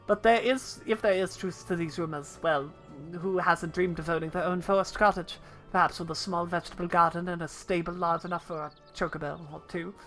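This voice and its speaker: A woman's voice: on the low side, steady tone, fairly quick, fairly bright tone, soft background music, close to an everyday voice. A woman reading the lines of a courteous, well-spoken game townsperson with formal, elaborate phrasing. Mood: polite.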